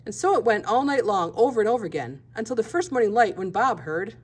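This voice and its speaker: A woman reading a picture book aloud with a very lively, sing-song delivery. Her voice has a husky, breathy edge. She plays up the animal noises as she goes. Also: a little high, fast. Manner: expressive, voices animal sounds. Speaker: storybook reader.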